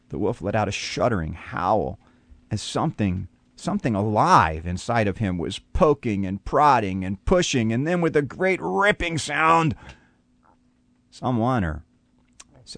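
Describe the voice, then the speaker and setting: A pastor telling a dramatic story on a radio program, animated and full of repetition. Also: male voice, medium pitch, no room sound.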